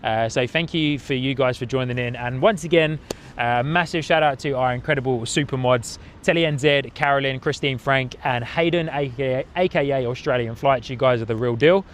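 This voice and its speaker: A man's voice: mid-range voice, a little fast, slight background noise. A man from the UK with an English accent tinged by New Zealand, hosting a plane-spotting livestream outdoors in an airport car park. He talks in an upbeat, casual way, with lots of filler words and restarts. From United Kingdom. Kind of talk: casual live-stream chat.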